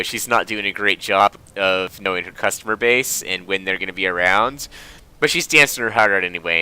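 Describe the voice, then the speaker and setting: A man's voice: on the low side, pushed and bright, clean tone, dry recording. A man casually commenting on his video game playthrough, making wry, chatty asides. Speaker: let's play host.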